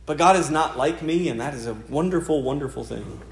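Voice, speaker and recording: A man's voice: fairly high pitch, a little fast. A male pastor preaching a sermon in an earnest, conversational way, often repeating key phrases. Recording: echoey room sound.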